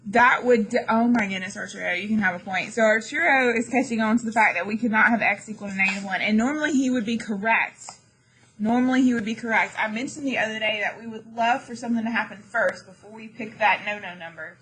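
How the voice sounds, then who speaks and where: A woman's voice: medium pitch, fast, few pauses, fairly bright tone, slight background noise, low-quality recording. A woman math teacher giving a classroom lesson, chatty and jokey, with dramatic asides to her students.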